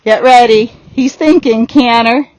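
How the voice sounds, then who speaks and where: A woman's voice: high voice, a little slow, no echo, low-quality recording. A woman horse trainer giving a riding lesson outdoors, coaching directly and laughing now and then.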